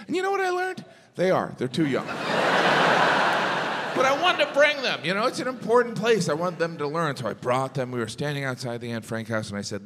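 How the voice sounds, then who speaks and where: Deadpan stand-up comic in a big theater. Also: male voice, brisk, a little hiss or hum. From American Midwest. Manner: deadpan, with high mocking character voices. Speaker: stand-up comedian. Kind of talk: stand-up routine. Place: large theater stage. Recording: reverberant theater with audience laughter. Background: audience laughter.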